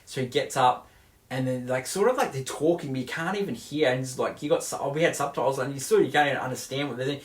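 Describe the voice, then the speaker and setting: A man's voice: medium pitch, quick pace. A man co-hosting a casual movie review. He retells scenes animatedly, with many restarts. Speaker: co-host of a movie review show. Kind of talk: casual film discussion. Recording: echoey room.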